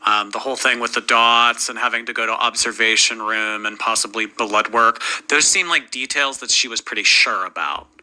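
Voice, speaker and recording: A man's voice: medium pitch, steady tone, moderate pace, hardly any pauses, sharp tone, rough recording. A man hosting reaction commentary, wryly skeptical as he picks a story apart. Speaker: commentary host.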